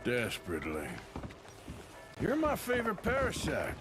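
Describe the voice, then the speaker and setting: An actor playing a gruff, middle-aged male outlaw with dry, deadpan sarcasm, as video game dialogue. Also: medium pitch, moderate pace, over music, natural voice. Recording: game audio with loud hoofbeat noise. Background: horse hooves and wagon sounds.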